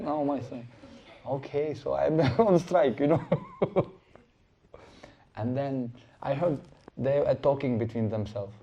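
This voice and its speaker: Gravelly middle-aged man telling stories. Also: mid-range voice, a little slow, pauses often. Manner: animated storytelling with acted-out quotes. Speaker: spiritual lecturer. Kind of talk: sermon storytelling. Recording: dull lo-fi recording.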